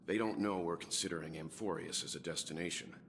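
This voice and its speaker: A streamer reading a calm older male mentor's lines aloud in a slow, low, solemn voice. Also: a little hiss or hum. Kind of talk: reading game dialogue aloud.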